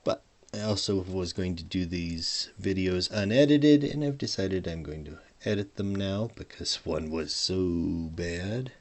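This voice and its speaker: Low gravelly man mumbling while he works. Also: measured pace. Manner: mumbling, trailing off mid-thought. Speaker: hobbyist modder. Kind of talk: casual narration while soldering. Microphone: desk microphone, leaning in and out.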